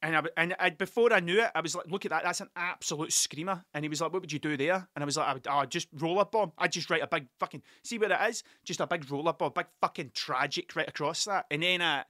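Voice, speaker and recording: A man's voice: a little high, quick pace, hardly any pauses, bright, forceful tone, no room sound, clean studio sound. A man, the podcast's host, telling a rambling, sweary and self-mocking story in casual monologue into a desk mic.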